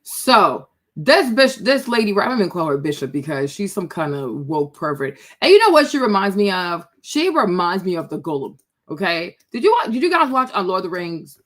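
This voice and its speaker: A woman's voice: lowish voice, big pitch swings, brisk, hardly any pauses, a bit bright. A woman hosting her own show, ranting in a casual commentary style, emphatic and repetitive, checking in with viewers often. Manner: emphatic, repetitive, keeps asking "right?"; addresses viewers by name. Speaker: host.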